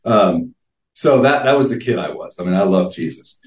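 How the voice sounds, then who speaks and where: Deep-voiced man telling stories from a distance. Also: expressive, moderate pace. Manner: earnest, vivid anecdotes with frequent restarts. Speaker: interview guest. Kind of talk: casual storytelling. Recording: roomy sound, distant from mic.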